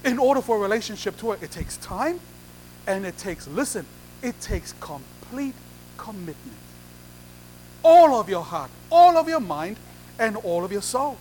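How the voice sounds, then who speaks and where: A man's voice: high voice, very animated, moderate pace, a little mellow, a little hiss or hum, poor audio. A man preaching a sermon, acting out little conversations and repeating phrases for emphasis. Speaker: pastor.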